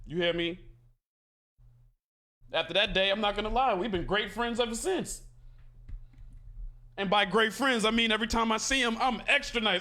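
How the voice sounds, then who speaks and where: A man's voice: sits high, normal speed, pauses often. A man streaming a game, telling a story casually and animatedly in heavy slang and acting out what people said. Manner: animated, slangy, acts out quotes. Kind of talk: casual storytelling while gaming.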